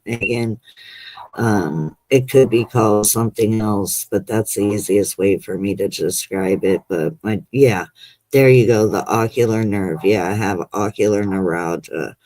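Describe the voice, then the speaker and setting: A woman's voice: extremely low pitch, warm tone, no room sound. A middle-aged woman hosting a livestream chat, rambling along and calling her guests honey. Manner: rambling, chatty, calls people honey. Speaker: livestream host. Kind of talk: casual chat.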